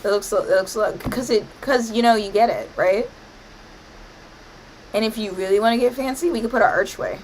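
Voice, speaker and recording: A woman's voice: medium pitch, normal speed, a little mellow, slight background noise, rough recording. Chatty woman narrating her gameplay. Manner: chatty, scolds the game playfully, mock-dramatic outbursts. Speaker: gaming streamer. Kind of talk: casual gameplay commentary.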